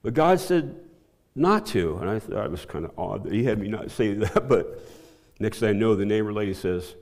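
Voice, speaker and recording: Speaking his testimony before his church, a middle-aged man falters and restarts many times, laughing frequently along the way. Excitement pushes his voice high and loud, and a long reverb tail follows his words.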